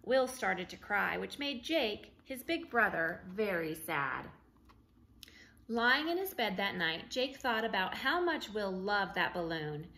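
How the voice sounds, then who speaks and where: A woman teacher reading a picture book aloud to young children, with clear and expressive storytelling. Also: medium pitch, slow pace, low-quality recording. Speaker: early learning teacher.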